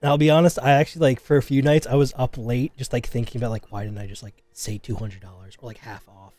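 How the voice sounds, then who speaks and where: A man's voice: medium pitch, steady tone, fast, mellow, soft background music. A man playing a tabletop game, talking casually in hesitant, rambling sentences that repeat words. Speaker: player.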